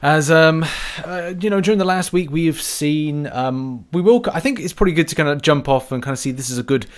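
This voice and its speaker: Relaxed man hosting a podcast. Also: a little high, fairly quick, smooth. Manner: relaxed, hesitant, many fillers. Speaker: podcast host. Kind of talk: casual podcast chat.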